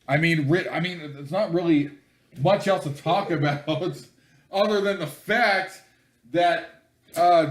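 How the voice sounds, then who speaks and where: Sarcastic high-voiced man, echoey room. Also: background noise. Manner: sarcastic, joking, profane. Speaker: podcast co-host. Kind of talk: casual chat.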